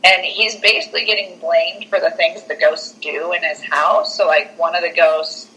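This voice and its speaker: A woman's voice: fairly low pitch, moderate pace, low-quality recording. A young woman on a podcast, casually and animatedly retelling a film plot, full of "like" and acted-out quotes. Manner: animated storyteller, heavy use of "like", acts out quotes. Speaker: podcast co-host.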